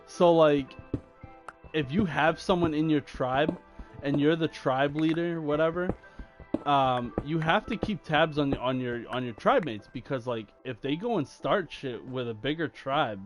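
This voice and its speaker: Rambling, slangy young man gaming. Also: mid-range voice. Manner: rambling and slangy, full of fillers. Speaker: gaming channel host. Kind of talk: casual chat while playing a game.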